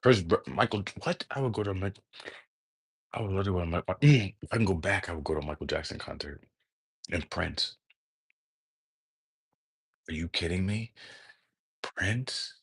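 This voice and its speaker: Rambling, excitable man with a lowish voice. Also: moderate pace, long pauses, slightly rough. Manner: excitable, profane, slangy, peppers speech with "bro"; jumps between thoughts, trails off mid-word. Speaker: livestream host. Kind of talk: casual rambling livestream talk.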